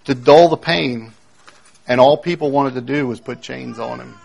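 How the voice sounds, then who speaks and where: A man preaching a sermon, emphatic, repeating key phrases and swinging between loud declarations and hushed moments. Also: mid-range voice, normal speed, vocal fry. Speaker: pastor.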